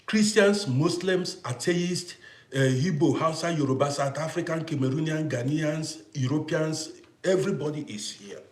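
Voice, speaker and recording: A young man talking forcefully to viewers in a casual livestream and thanking them for gifts. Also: fairly high pitch, normal speed, reverberant. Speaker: live stream host.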